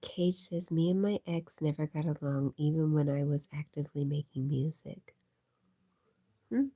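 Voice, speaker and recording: A woman's voice: deep voice, steady tone, normal speed, mellow. A woman hosting a casual livestream, chatting and reading viewer comments aloud, sometimes in a whisper. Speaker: livestream host.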